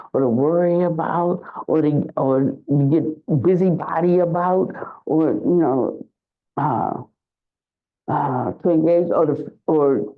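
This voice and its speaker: An older woman giving a dharma talk as a Buddhist teacher, reflective and searching for words, and lively when she tells a story. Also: lowish voice. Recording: dull lo-fi recording.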